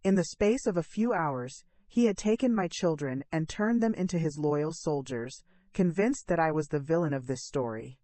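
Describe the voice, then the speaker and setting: A middle-aged woman reading a dramatic first-person story in a measured, earnest, emotional way. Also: low-pitched, expressive, mellow, dry recording.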